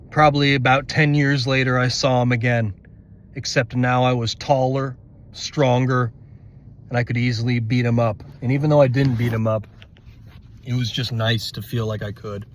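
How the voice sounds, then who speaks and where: A man's voice: medium pitch, fairly even intonation, normal speed. A male comedian rambling through a casual, self-deprecating podcast monologue from inside a car. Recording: slightly muffled car recording with road hum.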